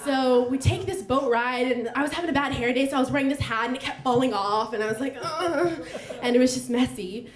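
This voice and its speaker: A woman's voice: high voice, fast, few pauses, crowd noise. A young woman telling a personal story live on stage, chatty and laughing, with lots of fillers. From United States. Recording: echoey live room.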